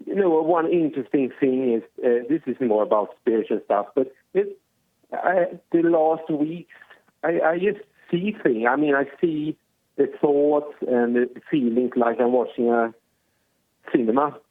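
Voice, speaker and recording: Male caller, halting and unsure; phone-line audio. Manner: hesitant, many fillers, pitch jumps up often. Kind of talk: phone-in chat.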